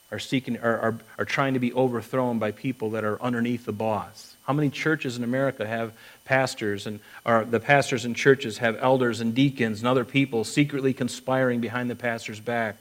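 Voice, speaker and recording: A man in the pulpit delivers his sermon with earnest conviction, acting out the words of others and stumbling into restarts as he builds a point. His voice sits at a mid pitch, neither deep nor high. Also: low-quality recording. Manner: earnest preaching with acted-out quotes and restarts. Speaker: pastor.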